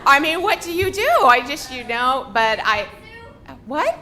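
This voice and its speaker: A woman co-hosting a live podcast, telling an excited story in a gushing, breathless way with frequent laughs. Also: sits high, a little slow. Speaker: podcast co-host. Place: bookstore event with audience. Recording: noisy live event recording.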